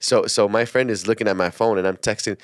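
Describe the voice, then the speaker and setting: A man's voice: lowish voice, very fast, clean tone, no room sound, clean studio sound. A man with an Israeli accent and Hebrew as his first language, co-hosting a podcast in casual chat, often repeating words as he tells stories. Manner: repeats words and restarts, lively storytelling. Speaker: podcast co-host and comedian.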